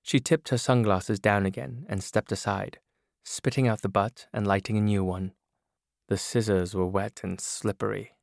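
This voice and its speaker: Calm male audiobook narrator, dry booth. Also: on the low side, moderate pace, vocal fry, dry recording. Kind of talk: scripted narration.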